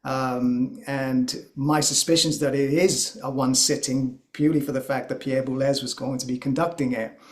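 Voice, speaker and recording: A man in a casual music discussion, talking in a thoughtful, explanatory way with many pauses and fillers. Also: mid-range voice, fairly even intonation.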